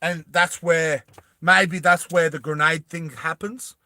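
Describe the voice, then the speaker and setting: Rambling, excitable young man. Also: a little high, slow, no room sound. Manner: rambling, self-correcting, excitable. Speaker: animated film creator. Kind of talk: casual storytelling to viewers.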